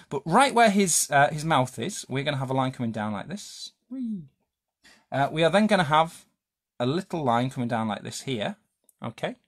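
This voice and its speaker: Playful man teaching kids to draw. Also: mid-range voice. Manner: chatty, playful, asks kids questions, makes sound effects. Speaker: children's drawing teacher. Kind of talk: live drawing lesson for kids.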